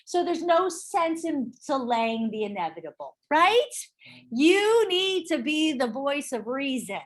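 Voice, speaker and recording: A middle-aged woman teaching a live real estate sales class, animated and often checking in with her listeners. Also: high-pitched, a little slow. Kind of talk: live training talk to a class.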